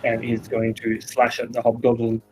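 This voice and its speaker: An Australian man narrating a tabletop game as game master, with a loose, relaxed delivery full of fillers. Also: mid-range voice, normal speed, soft background music. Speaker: dungeon master. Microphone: podcast microphone.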